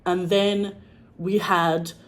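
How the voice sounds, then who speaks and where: A Scottish woman, an actress, talking casually and excitedly, gushing and swearing, with a frog in her throat. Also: lowish voice, drawn-out words. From Scotland. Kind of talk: casual monologue.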